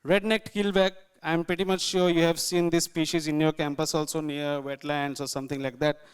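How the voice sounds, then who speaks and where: Higher-voiced man lecturing. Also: level tone, brisk, clear, resonant tone. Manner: informal, explanatory, many fillers like "like" and "you know". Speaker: guest lecturer. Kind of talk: lecture talking through slides.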